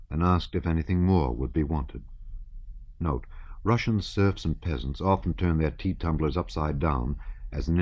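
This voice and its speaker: Male narrator, very deep voice, measured audiobook reading, dull muffled sound. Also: dry recording.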